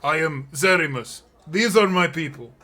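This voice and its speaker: A man voicing a huge, boisterous blue tiefling warrior in a tabletop game, speaking in booming, clipped phrases. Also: moderate pace, sharp tone. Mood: jovial.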